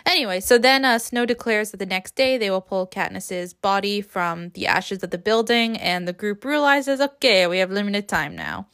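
Woman, podcast host, casual book recap, rambling, sarcastic asides, laughs a lot, mid-pitched voice. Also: normal speed, hardly any pauses, fairly bright tone, clear, resonant tone.

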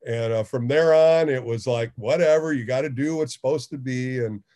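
A middle-aged man, a baseball radio host, telling stories in a casual interview and acting out quotes in a higher voice. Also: moderate pace. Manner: animated, acts out quotes in a higher voice.

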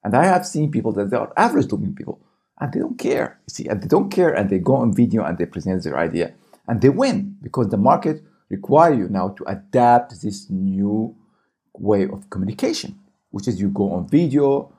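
A small business YouTuber gives coaching advice to camera in a vlog, constantly checking in with viewers through "okay?" and "right?". His voice is fairly low, sing-song and fairly quick, mellow with a slight roughness.

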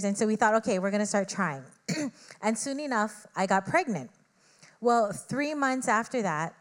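A woman sharing a candid, emotional testimony from the pulpit and addressing the congregation directly. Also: mid-range voice. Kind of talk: sermon testimony.

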